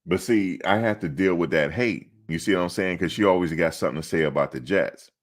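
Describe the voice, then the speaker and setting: A man hosting casual sports talk, rambling and animated, often quoting others in his own voice. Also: low voice, fairly quick. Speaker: sports commentary host.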